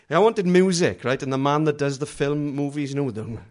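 A middle-aged man preaching a sermon in a conversational, humorous way, moving between quiet asides and loud dramatic readings. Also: fairly high pitch, animated, normal speed.

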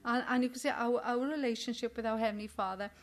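A woman's voice: on the high side, steady tone, fast talker. An older woman leading a Bible study in an earnest, chatty sermon style, often ending her points with tag questions and acting out indignant quotes with animation. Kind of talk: informal sermon.

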